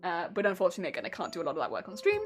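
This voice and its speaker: A woman's voice: lowish voice, huge pitch swings, very fast. A woman with an English accent chatting casually on a crafting live stream, giggly, rambling and self-mocking. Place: home craft room. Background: faint video game music.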